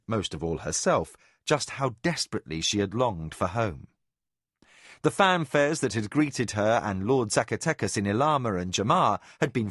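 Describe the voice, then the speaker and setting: An audiobook narrator, a man with a mid-range voice, reads a fantasy novel aloud in measured, expressive scripted narration. The recording is dry, with a clean studio sound.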